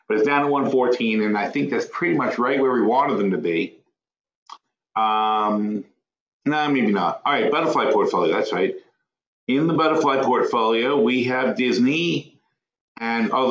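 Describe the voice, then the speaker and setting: A man hosting a trading webinar, thinking aloud, muttering to himself and correcting himself as he goes. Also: fairly low pitch. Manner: mutters to himself and scolds his software; rambling, self-correcting. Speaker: webinar host. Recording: roomy, dull lo-fi webinar audio.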